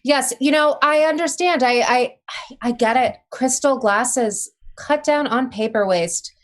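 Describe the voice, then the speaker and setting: A woman's voice: high-pitched, a little slow. A woman improvising as a mock-earnest news anchor in a live comedy sketch, often slipping into laughter. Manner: mock-earnest newscaster delivery, breaking into laughs.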